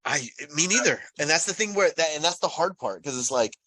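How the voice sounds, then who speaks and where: A man's voice: fairly high pitch, expressive, brisk, bright, forceful tone, dry recording, rough recording. A man hosting a podcast, chatting casually and animatedly, often breaking off mid-sentence and swearing. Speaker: podcast host. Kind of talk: casual chat.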